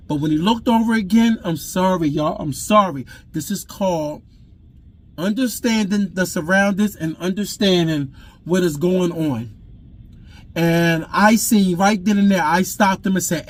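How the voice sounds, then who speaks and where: A father telling his own story in an intense, raw way, repeating himself and swinging between loud outbursts and hushed admissions. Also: high-pitched, normal speed. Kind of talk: emotional personal storytelling to camera.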